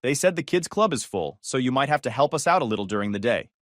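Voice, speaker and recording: A man's voice: medium pitch, lively intonation, fast, fairly bright tone, no room sound, clean studio sound, natural voice. A man voicing an entitled, breezy younger sister who hands out careless orders.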